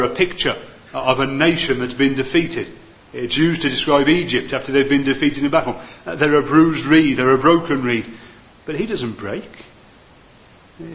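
A man preaching a sermon, earnest and gentle, with many "uh" fillers. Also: mid-range voice, vocal fry, muffled recording.

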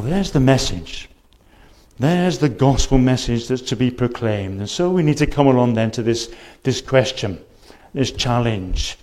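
This man's voice is medium in pitch and slightly mellow. He preaches a church sermon with earnest, urgent appeals, pressing his listeners with repeated rhetorical questions. He quotes scripture in old-fashioned wording.

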